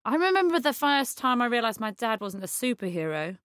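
British woman, comedy guest, chatty and laughing, very lively pitch, dry close sound. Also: brisk, clear, resonant tone, dry recording. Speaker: panel guest. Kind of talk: comic storytelling.

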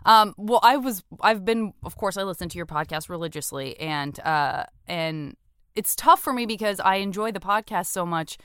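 A woman's voice: mid-range voice, expressive, normal speed, fairly bright tone, clear, resonant tone, no echo, studio quality. A woman hosting a podcast, talking in a rambling, casual way and laughing often. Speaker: podcast host. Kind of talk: casual chat.

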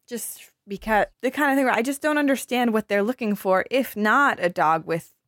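A woman's voice: on the high side, normal speed, a bit bright, no room sound. Enthusiastic woman on a dry close mic. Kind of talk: casual chat.

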